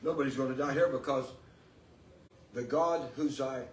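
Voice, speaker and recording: An echoey room, a distant mic, and faint noise frame this sermon from a preacher and podcast host. His medium-pitched voice moves at a moderate pace with fairly even intonation, emphatic in call and response and building toward exclamations.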